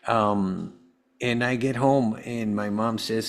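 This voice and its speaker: A man's voice: fairly low pitch, fairly even intonation, takes it slowly. A man, a holistic health coach, telling his personal story as a podcast guest in an earnest, rambling way with many restarts.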